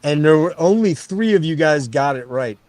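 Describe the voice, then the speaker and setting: A man hosting a casual stream, telling stories to his friends in an excited, profane way. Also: on the high side, moderate pace, no room sound. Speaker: stream host. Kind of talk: casual chat storytelling.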